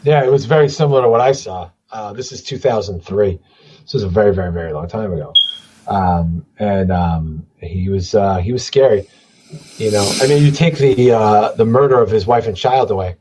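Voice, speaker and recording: A man's voice: fairly low pitch, moderate pace, background noise. A man talking casually on a podcast, rambling and swearing as he tells wrestling stories. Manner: rambling, profane, trailing into mumbles.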